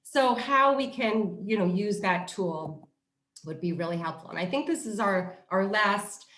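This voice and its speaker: A middle-aged woman, a positive discipline trainer, giving casual parenting advice in an animated way. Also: mid-range voice, measured pace, slight background noise. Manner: animated storyteller who acts out quoted voices. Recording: roomy echo.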